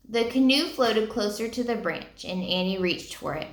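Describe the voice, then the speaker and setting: A woman reading a children's book aloud in an expressive way, stopping to ask her listeners questions. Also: medium pitch, normal speed. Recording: roomy echo.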